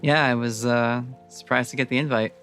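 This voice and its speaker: Casting: game master playing an easygoing young werewolf man, gravelly, faint music underneath. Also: mid-range voice, fairly even intonation, normal speed, a bit bright, lightly acted. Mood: tender. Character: young male werewolf, laid-back and affectionate.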